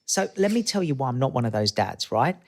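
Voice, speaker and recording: Talking a little fast in a mid-range voice, an Australian man in his fifties tells stories as a guest in a relaxed interview. He's lively and performs the quoted voices of the people in his anecdotes.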